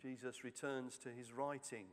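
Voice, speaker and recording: A man giving a sermon reflection, reading in a slow, measured way with long pauses. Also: medium pitch, flat delivery, in a large hall. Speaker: preacher.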